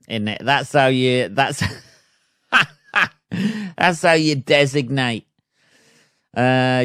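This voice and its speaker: A man's voice: mid-range voice, dry recording, studio quality. A man, a podcast host and stand-up comedian, ranting in a sweary, rambling, self-amused way in a casual solo chat.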